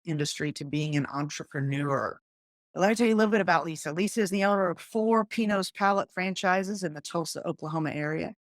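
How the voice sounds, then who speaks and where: This podcast host and coach has a fairly low pitch and is recorded at studio quality with no room sound. She introduces her guest and chats casually, sounding cheerful and effusive throughout.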